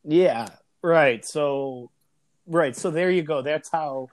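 A man's voice: a little high, slow pace. A man in his early thirties co-hosting a podcast discussion, talking conversationally with frequent fillers and restarts. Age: early 30s. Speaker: podcast co-host.

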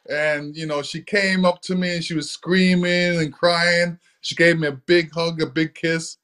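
A man from England, a guest in an interview, telling stories from his youth in a relaxed, easygoing way with lots of "you know.". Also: on the high side, measured pace. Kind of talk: relaxed storytelling.

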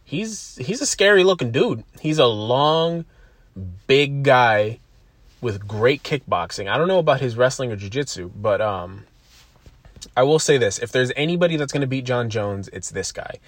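A man's voice: mid-range voice, expressive, moderate pace, no room sound. A man hosting a casual solo podcast, rambling off on tangents, swearing freely and poking fun at himself. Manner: rambling, profane and self-deprecating. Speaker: podcast host.

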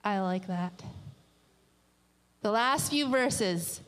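A woman's voice: medium pitch, expressive, very slow, a bit bright, smooth, long reverb tail, rough recording. A woman pastor preaching a sermon, reading scripture and adding chatty, playful asides.

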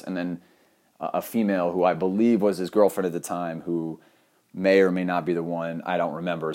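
A young man with a fairly low voice tells a comic story from his own life. He swears freely and pokes fun at himself, his delivery lively and loose. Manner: animated, profane, self-mocking, laughs often. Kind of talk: comedic personal anecdote.

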